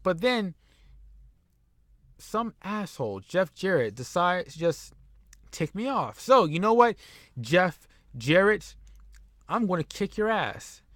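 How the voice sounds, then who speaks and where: A man voicing an angry male wrestler who roars threats in a raised, louder voice. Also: big pitch swings, a little slow, hardly any pauses, no echo, clean studio sound, exaggerated voice. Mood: furious. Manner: shouting threats, higher and louder than his own voice.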